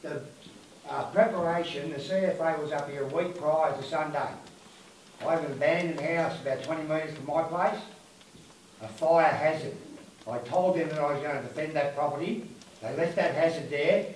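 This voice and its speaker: A man's voice: a little high, moderate pace, darkish tone. An emotional Australian man, a local resident, speaking bluntly and angrily at a community meeting, swearing as he airs his complaints. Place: community hall. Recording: very echoey hall from a distance, faint noise.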